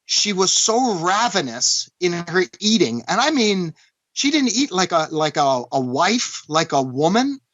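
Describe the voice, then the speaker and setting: A man from Canada, recounting a personal story as an interview guest in an earnest, halting way, often restarting and saying "you know". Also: high-pitched, sing-song, a bit bright, no room sound. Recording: dull, dry lo-fi recording.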